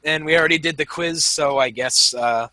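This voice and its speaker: A man's voice: fairly high pitch, normal speed, crowd noise. A man hosting a casual group podcast, joking and wrapping things up. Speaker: podcast host.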